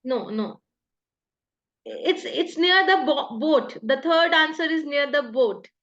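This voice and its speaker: A woman with an Indian English accent leads an online workshop, her high voice carrying steady step-by-step explanations. The call audio sounds slightly dull. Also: slow pace. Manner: patient, explains step by step with examples. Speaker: workshop trainer. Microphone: video call.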